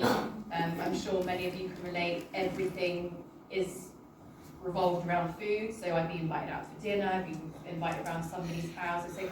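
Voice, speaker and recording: A British woman recounts her own story to a listening audience, speaking in a halting, emotional way and often apologizing. Her voice is picked up from a distance in a very reverberant room. A constant background hum sits under her speech. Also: fairly low pitch. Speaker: guest sharing a personal testimony. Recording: roomy, distant, with background noise.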